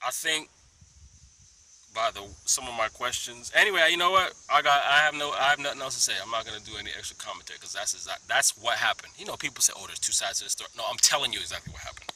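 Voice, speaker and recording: Man, casual storytelling vlog, lively swooping pitch, very bright tone, faint outdoor ambience. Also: quick pace, a little hiss or hum. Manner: animated, mimics others in high voices, drops to whispers. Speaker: vlogger. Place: outdoor park, under a tree.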